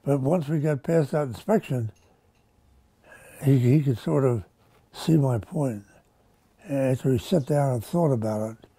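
A man's voice: mid-range voice, a little slow, pauses often, dark tone, breathy edge, no room sound. A man in his nineties, a war veteran giving an oral-history interview in a folksy, rambling storytelling manner. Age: 90s.

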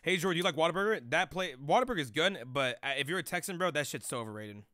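A man's voice: a little high, animated, racing, bright, forceful tone, a little hiss or hum. A young man streaming live, chatting loosely with chat in rambling, profane slang.

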